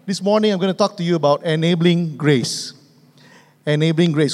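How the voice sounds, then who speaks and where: A man's voice: a little high, steady tone, moderate pace, darkish tone. Emphatic preaching man in a reverberant church. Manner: emphatic, repetitive preaching with calls for amen. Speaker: pastor. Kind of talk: sermon. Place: church sanctuary. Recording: long reverb of a church hall.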